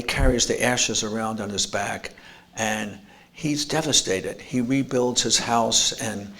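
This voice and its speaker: A man's voice: mid-range voice, gravelly. A man giving an earnest motivational talk at an expo, telling stories and restarting words. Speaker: speaker. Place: expo lecture room.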